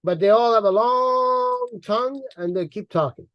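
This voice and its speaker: This online commentator's voice is very high and unhurried, captured in a dry recording with the highs cut off. He's angry and scornful, insulting his subject and repeating words for emphasis.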